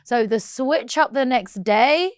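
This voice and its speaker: A woman's voice: a little high, lively intonation, slow, clean tone, no room sound, studio quality. A woman guest in a casual chat, candid and laughing as she defends her choices.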